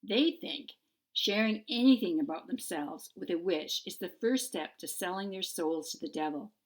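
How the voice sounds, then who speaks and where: A woman's voice: lowish voice, moderate pace, lightly acted. Audiobook role: a dry, sarcastic female cat familiar, read by a woman. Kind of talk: audiobook character voice.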